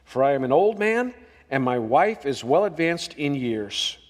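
A man's voice: on the high side, sing-song, measured pace, big-room sound. A man preaching a sermon as pastor, folksy and emphatic, drawing out the verses he reads.

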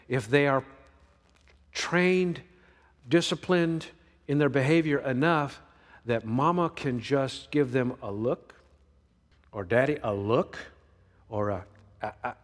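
A man preaching a sermon, swinging between emphatic lines and hushed ones. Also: medium pitch. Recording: long reverb of a large hall.

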